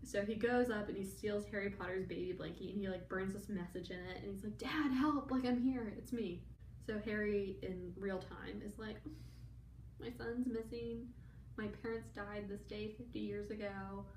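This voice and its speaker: A woman's voice: mid-range voice, steady tone, normal speed, a little mellow. A young woman in a tipsy, rambling comic retelling, acting out characters' lines as she goes. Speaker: drunk storyteller. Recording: echoey room from a distance, faint background noise.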